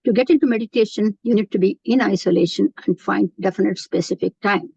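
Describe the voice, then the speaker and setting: A woman's voice: medium pitch, fast, gravelly, mellow, husky, no room sound. A woman giving an earnest, explanatory spiritual lecture, often restarting her sentences. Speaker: Gita teacher. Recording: dull, dry lo-fi recording.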